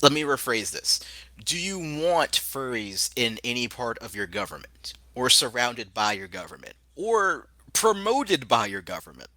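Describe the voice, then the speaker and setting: A man hosts a casual podcast, ranting in a heated, profane tone. His voice is very forceful and sharp, with a lively, swinging pitch. The sound is dry and close. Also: unhurried, no room sound. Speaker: podcast host.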